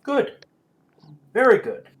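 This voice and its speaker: A man voicing a cold, smug male anatomist surgeon who speaks calmly, with menace and a lecturing tone. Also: slow, close to an everyday voice.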